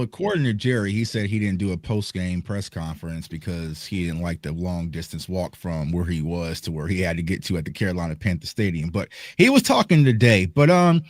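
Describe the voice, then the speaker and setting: A man making his pick in casual sports chat, measured and unhurried, with frequent "um"s. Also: lowish voice, no room sound, clean studio sound. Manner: measured, lots of "um" and "you know". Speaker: Cowboys fan panelist.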